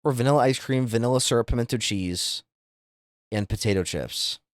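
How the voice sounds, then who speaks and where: A young man streaming live, chatting casually with viewers and reacting to things with loud, incredulous, profane outbursts. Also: medium pitch, fairly quick, no room sound. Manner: incredulous, swearing, exaggerated reactions.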